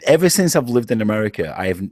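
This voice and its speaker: A man's voice: medium pitch, big pitch swings, rapid-fire, darkish tone, no echo, clean studio sound. An Englishman with a Yorkshire accent in a casual online chat, laid-back, swearing and laughing often. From England. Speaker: show host.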